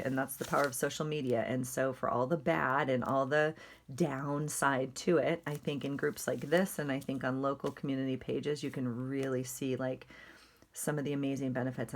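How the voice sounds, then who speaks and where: Middle-aged mom vlogging her journal, low voice, rambly and chatty. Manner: rambling and chatty, many fillers. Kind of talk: casual chatty journal flip-through.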